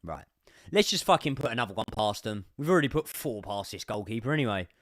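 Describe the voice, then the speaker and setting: A young man giving sweary live commentary as a football fan on a watchalong stream, swinging from muttering to shouting. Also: lowish voice, animated, fast, dry recording, clean studio sound.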